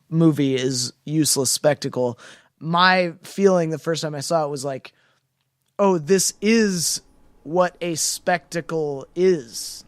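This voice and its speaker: On a podcast about films, a male co-host talks casually in a fairly high, smooth, resonant voice with a fairly bright tone. He rambles and keeps restarting while searching for the right words. The recording is dry and close-miked, with no room sound.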